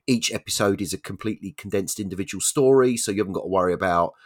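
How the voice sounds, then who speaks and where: A man's voice: deep voice, fast talker. A man, a podcast co-host chatting casually and rambling. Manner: rambling, many fillers and restarts. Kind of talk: casual chat.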